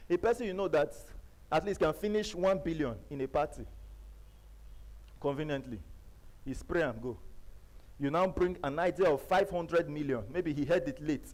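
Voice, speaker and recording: A man's voice: fairly high pitch, rough recording. Emphatic Nigerian man at a seminar. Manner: emphatic, repetitive, preacher-like; swings from loud bursts to quiet asides. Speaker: seminar speaker. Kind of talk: live motivational seminar talk. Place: seminar venue.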